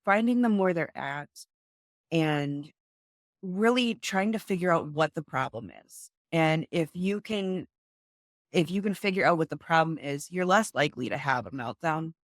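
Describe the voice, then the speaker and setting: Low-voiced young mother on a video call. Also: expressive, normal speed, no room sound, studio quality. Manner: earnest, explains by acting out talks with her kids. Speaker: guest, mother of two. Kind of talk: casual interview.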